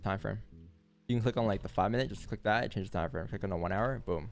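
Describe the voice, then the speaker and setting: Young guy running a live trading stream, kinda low and gravelly, chatty and repetitive. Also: quick pace, soft background music. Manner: loose, repetitive, walks through charts. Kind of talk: casual live-stream commentary.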